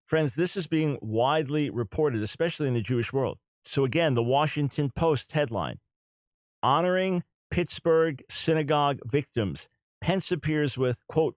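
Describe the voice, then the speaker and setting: A man's voice: on the high side, expressive, normal speed, no echo. A middle-aged man hosting a talk radio show, speaking earnestly and emphatically, repeating his key points.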